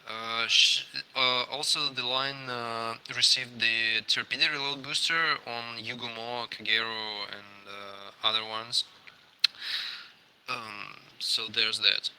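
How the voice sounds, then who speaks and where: A man's voice: mid-range voice, little pitch movement, slow pace, sharp tone, slight background noise, low-quality recording. A man answering a balance question with many hesitations. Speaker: game designer.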